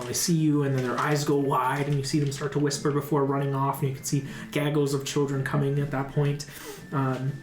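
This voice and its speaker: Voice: mid-range voice, darkish tone, echoey room. A dungeon master narrating a tabletop game, rambling with many fillers and restarts.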